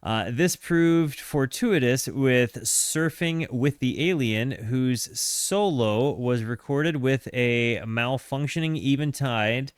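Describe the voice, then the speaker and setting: A man's voice: mid-range voice, clear, resonant tone, dry recording. Chatty male streamer, dry close mic. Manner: chatty, halting, with frequent fillers and self-corrections; hearty shout-outs to chat. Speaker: streamer reacting to music. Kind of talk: casual live-stream chat and reading aloud.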